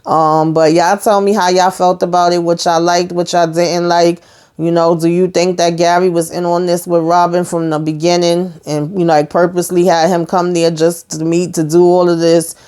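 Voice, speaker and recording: A woman hosting her own channel, giving a casual, animated recap of a TV episode in slangy talk aimed straight at her viewers. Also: on the low side, normal speed, clear, resonant tone.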